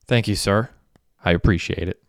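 Young clerk, blunt and exasperated, swears freely, read by a man with a low, smooth voice. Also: moderate pace, no echo, studio quality. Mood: casual. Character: young male store clerk, rattled and blunt.

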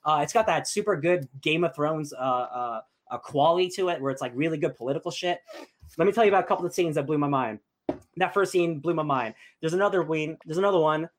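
A young man chatting casually as a podcast host, gushing and excitable with lots of fillers. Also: fairly high pitch, fast talker. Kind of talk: casual chat.

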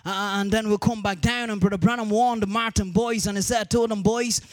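A male preacher retelling a story in a sing-song sermon cadence, repeating and restarting words, building up to shouting. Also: sits high, steady tone, a little fast, no room sound.

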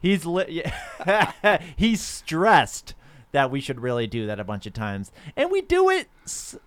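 Male co-host, animated swoopy delivery, teasing banter. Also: a little high, unhurried, clear, resonant tone, no room sound. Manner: playful, teasing, sings nonsense. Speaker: podcast co-host. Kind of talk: casual banter.

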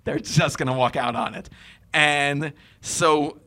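A young man hosting a casual podcast conversation, telling stories in a lively way and acting out the dialogue. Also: fairly high pitch, takes it slowly, a little hiss or hum. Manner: animated storyteller, acts out dialogue.

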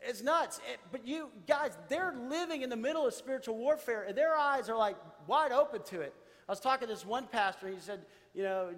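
A man's voice: very high voice, fairly quick. A man, a pastor preaching a sermon and telling stories to his church. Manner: storytelling, animated, addresses church directly. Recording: reverberant church hall.

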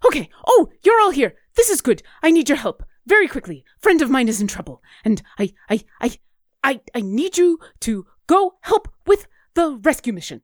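A woman's voice: high voice, very animated, no room sound, studio quality, pitched above the performer's own voice. Woman doing Bucks, a fretful posh owl. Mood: urgent, worried. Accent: British. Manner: worried, hurried, breathless. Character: small nervous posh male owl familiar.

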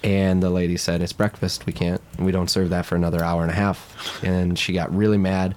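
Lowish voiced guy on a podcast, laid back, tells stories with lots of uhs. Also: flat delivery, fairly quick, a little mellow. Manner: laid-back, telling anecdotes with fillers. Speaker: podcast co-host. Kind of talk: casual chat, storytelling.

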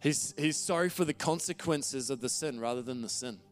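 Man, pastor, earnest conversational sermon, smooth resonant voice, faint music underneath. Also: medium pitch, normal speed. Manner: earnest, conversational preaching with restarts.

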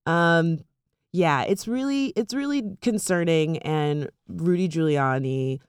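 A woman's voice: deep voice, takes it slowly, clear, resonant tone, dry recording, studio quality. A woman chatting casually and animatedly about politics, sarcastic and full of fillers.

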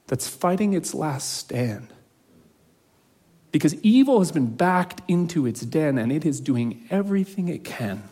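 A male pastor delivering a sermon with a somewhat high, light voice. He speaks earnestly and steadily, drawing out the phrases he wants to land. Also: a little mellow, breathy edge. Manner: earnest, measured preaching with emphatic slow phrases.

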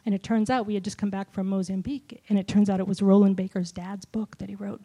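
A middle-aged woman giving a personal testimony sermon, telling a story with lively shifts and dropping to a whisper for quoted lines. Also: medium pitch, fast talker. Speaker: speaker at a church gathering.

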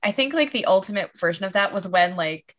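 A woman's voice: mid-range voice, expressive, brisk, a bit bright. A woman co-hosting a casual chat, rambling and leaning on "like" as she tells stories. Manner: rambling, heavy use of "like", restarts.

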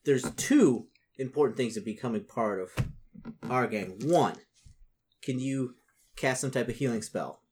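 A woman's voice: a bass voice, measured pace, long pauses, a little mellow, slight background noise. A woman chatting as a player in a tabletop game, playful and hesitant, often repeating herself.

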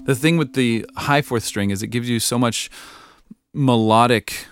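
A man teaching ukulele in a relaxed lesson, thinking aloud with plenty of fillers. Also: medium pitch, unhurried, soft background music. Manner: musing, thinks aloud with fillers, hums and sings snippets.

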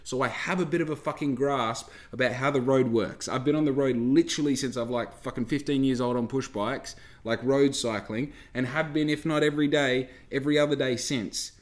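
A man's voice: medium pitch, fairly even intonation, a little fast, few pauses. A man hosts a podcast and rants at his listeners. He swears freely and talks to the audience directly in a loose, heated tone. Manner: heavy swearing, ranting, talks straight to listeners. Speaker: podcast host. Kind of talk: casual podcast rant.

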